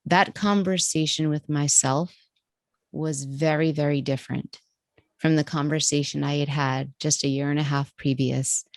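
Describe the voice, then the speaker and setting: A woman, a podcast guest, telling a personal story in a vivid, animated way. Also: low voice, moderate pace, dry recording, studio quality. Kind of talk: storytelling in an interview.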